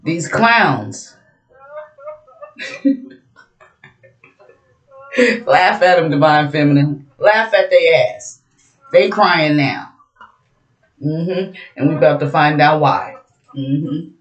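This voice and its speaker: A woman's voice: low-pitched, slow pace, long pauses. Brash, profane woman doing a casual tarot reading, recorded in a roomy, echoing space. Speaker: tarot reader. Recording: roomy echo.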